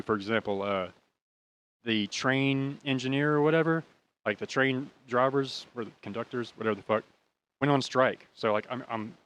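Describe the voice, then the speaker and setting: A man's voice: medium pitch, fairly bright tone. An American man in his thirties casually telling a rambling, profane story and laughing at his own bad luck. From United States. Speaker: podcast host.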